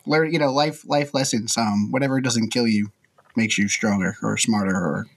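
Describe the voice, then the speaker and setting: A man with a slightly husky, breathy voice tells a rambling story on a casual chat show. He laughs at himself often and keeps circling back to the point. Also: mid-range voice, moderate pace. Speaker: podcast host.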